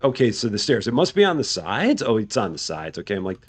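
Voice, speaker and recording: A man casually commenting to his chat while playing a video game, musing aloud and rising in pitch when surprised. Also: fast talker, slight background noise. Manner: chatty, talks to himself and chat, animated rises in pitch. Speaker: streamer.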